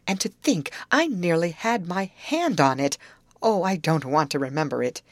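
A woman voicing a nervous, excitable teenage girl who cries out in shrill, breathless exclamations. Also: moderate pace, no echo. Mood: shaken.

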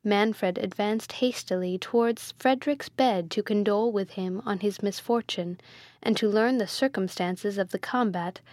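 A woman reads a classic novel aloud in a measured, lightly dramatized way. Her voice sits in a middle pitch, and the recording is dry and close with no room sound. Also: a little mellow, no echo. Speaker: audiobook reader. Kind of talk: scripted narration of a classic novel.

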